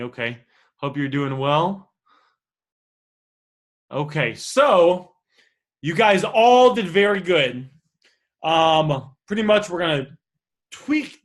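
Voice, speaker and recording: A young man with a high, bright voice runs a live sales lesson. He talks casually and thinks out loud with plenty of ums. His tone stays loose and conversational. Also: low-quality recording. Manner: casual, thinks aloud with fillers. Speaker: sales trainer. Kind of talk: live online class, reading student messages.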